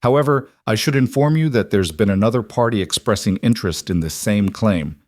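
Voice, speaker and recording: A man's voice: on the low side, brisk, a little mellow, no echo, studio quality, natural voice. A man voicing a thin, bored land office clerk who turns wary and hesitant.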